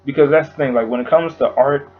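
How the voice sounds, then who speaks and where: A man giving an emotional tribute in his vlog, talking haltingly with long pauses, sighs and fillers, close to tears. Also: medium pitch, phone-quality sound, soft background music. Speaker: vlogger.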